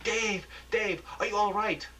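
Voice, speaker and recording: An alarmed female TV news anchor firing off urgent questions, as a man puts her on. The voice is raised well above his usual pitch, bright and tense, with a faint hum underneath. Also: animated, fairly quick, rough recording.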